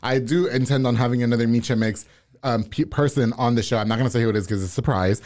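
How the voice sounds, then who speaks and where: A man hosting a podcast in a casual interview chat, switching between English and Spanish mid-sentence, pausing to search for words and laughing often. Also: medium pitch, steady tone, a little mellow. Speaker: podcast host.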